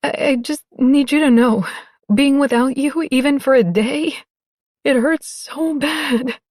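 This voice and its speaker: A woman's voice: high voice, unhurried, a little mellow, no room sound, clean studio sound, voice pushed up. A woman voicing a tearful young woman in love in an audiobook, lifting her voice in a pleading, emotional way. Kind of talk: audiobook character voice.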